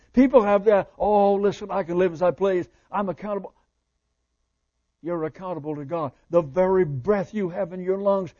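An older man preaches with fervent, repeated emphasis, his voice high for a man yet dark and mellow. He swings from loud declarations to hushed lines. The recording sounds a little dull and muffled. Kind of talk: sermon.

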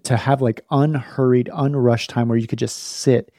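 Dad podcast host telling a story, mellow voice, close dry mic, laughs at himself a lot. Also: male voice, mid-range voice, flat delivery, normal speed, no room sound. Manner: candid, self-deprecating, laughs at himself. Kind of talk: storytelling talk.

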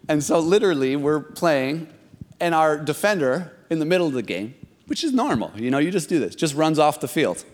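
Animated pastor preaching in a reverberant hall. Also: male voice, a little high. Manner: animated, self-deprecating, acts out quotes loudly. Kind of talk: sermon with personal storytelling. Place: church sanctuary.

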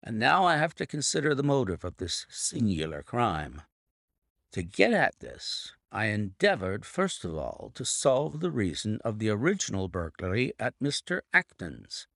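Brilliant detective laying out his reasoning, low and expressive, read by a male narrator. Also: normal speed, vocal fry, no echo, clean studio sound, heavily acted. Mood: explaining. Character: Sherlock Holmes, brilliant male detective explaining. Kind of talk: audiobook reading.

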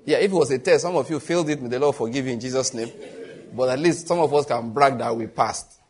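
Husky Nigerian pastor preaching. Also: male voice, mid-range voice. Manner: animated storytelling, quick asides and laughter. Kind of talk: sermon.

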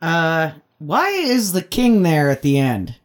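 A woman's voice: low voice, very animated, slow. A woman on a comedy podcast, asking playful questions in casual chat. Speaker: podcast co-host.

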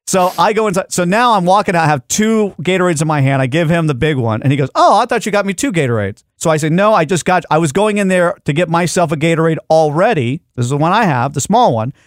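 A man on a radio show rattles through a story at high speed, slipping into the voices of the people he quotes. His voice sits a little high for a man, and the studio mic sounds close and dry. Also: fast talker, few pauses, dry recording. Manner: animated storyteller acting out quotes. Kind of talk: casual studio banter, storytelling.

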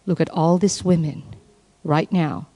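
A woman preaching a sermon at a women's conference, passionate, swinging from soft low appeals to high exclaiming calls. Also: steady tone, measured pace.

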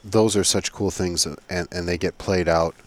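Deep-voiced male academic co-host, easygoing, casual podcast chat. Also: normal speed. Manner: relaxed, agreeable, chuckles easily. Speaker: podcast co-host, college theology professor.

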